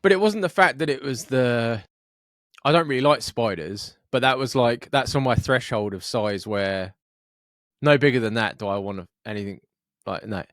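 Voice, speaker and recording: A Scottish man co-hosting a podcast, telling sweary, animated anecdotes in casual chat. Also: mid-range voice, normal speed, no echo, clean studio sound. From Scotland, Fife. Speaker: podcast co-host.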